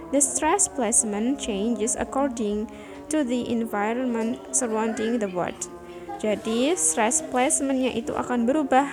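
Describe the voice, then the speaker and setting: A young woman with an Indonesian accent talks through her part of a class lesson. She is chatty and relaxed, and she often explains things again in her own words. Her voice sits fairly high, and clear background music plays under her. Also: low-quality recording. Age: young adult. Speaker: student presenter. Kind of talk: casual class presentation. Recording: music playing behind.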